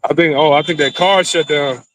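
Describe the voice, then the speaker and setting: Guy vlogging, high voice, rambles and swears, dry close sound. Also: steady tone, moderate pace, a bit bright, no room sound. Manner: rambling, repetitive, crude. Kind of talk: casual storytelling monologue.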